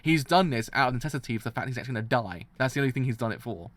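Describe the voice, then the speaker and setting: A man ranting in an animated, exasperated way about a story's villain on a live reaction stream, often restarting his sentences. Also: mid-range voice, very fast, no room sound.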